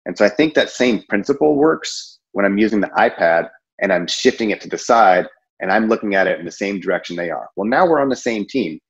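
A man's voice: fairly low pitch, lively intonation, fairly quick, gravelly, dull audio. A man giving a casual sales training talk, rambling and conversational with many fillers and restarts. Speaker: insurance sales presenter.

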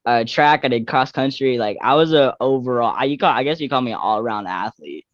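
A man's voice: mid-range voice, animated, fast talker, no room sound. A young man from Texas, a guest athlete talking casually in an interview, rambling with many fillers and restarts. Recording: dull lo-fi dry recording.

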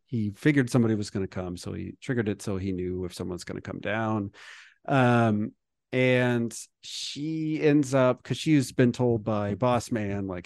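A man's voice: on the low side, a little slow, gravelly, a little mellow, dry recording. A man co-hosting a podcast, casually retelling a movie's plot with lots of fillers and acted-out quotes. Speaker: podcast co-host. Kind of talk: casual movie recap chat.

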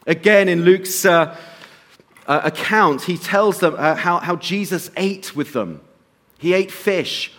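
A man giving a sermon and telling a personal story, slowing to soft emphasis at times and lifting his voice at others. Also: high voice. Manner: storytelling, shifts between soft slow emphasis and raised bursts. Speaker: pastor.

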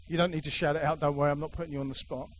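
A man's voice: fairly high pitch, flat delivery, racing, slight background noise, low-quality recording. Emphatic preacher man. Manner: emphatic, repetitive, playful asides. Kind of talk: sermon. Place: church hall with a live congregation.

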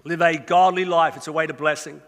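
A middle-aged Australian man preaching a sermon, energetic and conversational, speaking straight to the congregation with some humor. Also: on the high side, fairly quick. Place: church auditorium. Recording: reverberant church hall.

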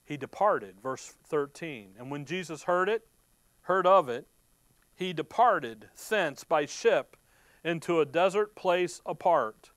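A man's voice: a little high, animated, slow, fairly bright tone, dry recording. A man preaching a sermon who reads scripture verse by verse and stops to explain it. He asks rhetorical questions, answers them himself, and restarts words when stirred.

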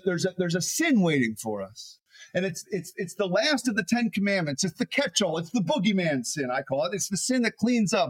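Animated man preaching a sermon. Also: high-pitched. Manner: animated, repeats words while building a point. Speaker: pastor.

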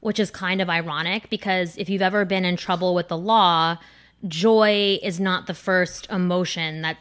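Animated woman telling a comic story. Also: lowish voice. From New Jersey. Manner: animated, acts out quoted voices. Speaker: comedian guest. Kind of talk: casual podcast storytelling.

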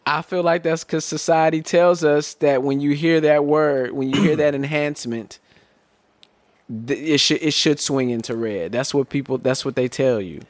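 A man co-hosting a podcast, talking in casual, animated chat and building hypotheticals with free swearing. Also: on the high side, moderate pace, no echo. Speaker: podcast co-host.

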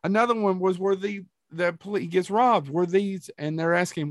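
A man's voice: sits high, moderate pace, no room sound, studio quality. A man co-hosting a podcast, chatting casually in a rambling, tangential way with some profanity. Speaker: podcast co-host. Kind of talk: casual chat.

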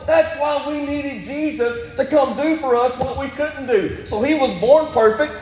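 A male pastor with a strikingly high voice preaches a little slowly and with hardly any pauses, his sermon ringing through an echoey church sanctuary with a long reverb tail. He builds to loud, emphatic peaks while quoting scripture.

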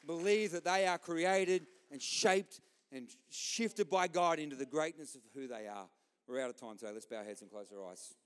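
A middle-aged man preaching a sermon as a pastor, impassioned, swinging between loud outbursts and quiet asides. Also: fairly high pitch, moderate pace, clear, resonant tone, long reverb tail.

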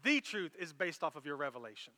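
A man preaching a sermon as pastor, animated and storytelling, acting out quoted lines. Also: on the high side, fast, in a large hall.

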